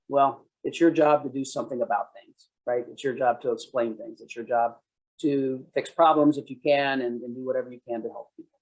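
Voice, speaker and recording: A man's voice: mid-range voice, fairly quick, a little mellow, rough recording. A man presenting a police training session, conversational, acting out sample phrases. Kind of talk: conference presentation.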